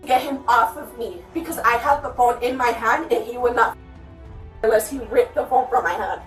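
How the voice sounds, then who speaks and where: A woman telling a police officer her side of a fight in her home, talking fast, heated and swearing. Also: on the high side. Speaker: resident speaking to police. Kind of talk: agitated account to an officer. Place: inside a house, indoors. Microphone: police bodycam from a distance. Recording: echoey distant bodycam audio, faint music.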